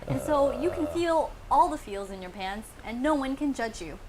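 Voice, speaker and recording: Teasing high-voiced woman co-host. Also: expressive, normal speed, a crowd in the background. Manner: teasing, giggly. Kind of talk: casual podcast banter.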